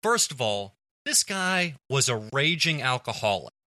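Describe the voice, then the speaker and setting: Male panelist, mock-earnest, bright and lively, dry mic. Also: medium pitch, measured pace, dry recording. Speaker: podcast panelist arguing a case. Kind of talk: casual comedic debate.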